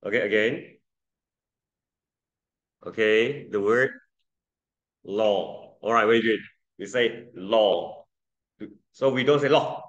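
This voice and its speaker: A man's voice: on the low side, slow pace, long pauses, fairly bright tone, muffled recording. A man teaching English pronunciation to a class, patiently drilling vowel sounds and calling on students. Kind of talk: classroom lesson.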